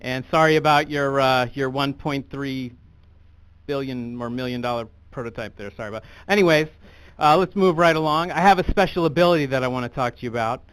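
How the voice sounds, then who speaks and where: A young American man doing stand-up comedy in a dry, deadpan, rambling way. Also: medium pitch, a little fast, clear, resonant tone, no room sound. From United States.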